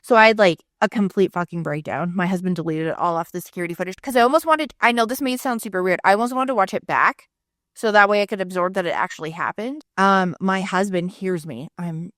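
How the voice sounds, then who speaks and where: A woman in her thirties tells a personal story on her podcast, speaking frankly and swearing freely as she relives each moment. Her voice sits at an ordinary middle pitch and is recorded close and dry, with no room sound around it. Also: quick pace, fairly bright tone, dry recording. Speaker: podcast co-host.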